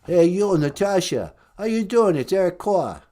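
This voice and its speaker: A man putting on the voice of a brash rock-star caller with a loud, swaggering delivery. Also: sits high, very animated, normal speed, pitched below the performer's own voice.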